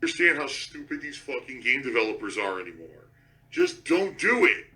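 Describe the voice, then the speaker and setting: Profane, bright-voiced man ranting. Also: mid-range voice, big pitch swings, normal speed, poor audio. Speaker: gaming video creator. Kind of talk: angry rant.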